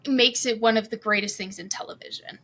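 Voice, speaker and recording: A woman co-hosting a podcast, speaking in a gushing, emotional and expressive way. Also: on the high side, a little fast. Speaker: podcast co-host. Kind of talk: casual podcast chat.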